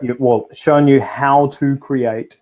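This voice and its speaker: A man's voice: medium pitch, steady tone, slow pace, a little mellow, muffled recording. Chatty New man co-hosting live. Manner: chatty, rambling with many restarts and fillers. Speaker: co-host of a live food show. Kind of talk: casual live-stream chat.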